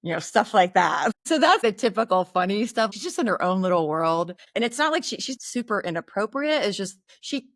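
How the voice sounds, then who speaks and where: A woman co-hosting a podcast in relaxed, supportive casual chat. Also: medium pitch, brisk, few pauses, dry recording, studio quality. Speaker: podcast co-host.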